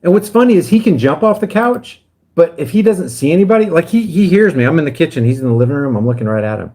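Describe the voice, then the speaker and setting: Man, livestream chat, lively swooping pitch, slightly high, rambling. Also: fast talker. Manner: rambling, heated rants. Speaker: guest livestreamer. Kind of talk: casual livestream talk.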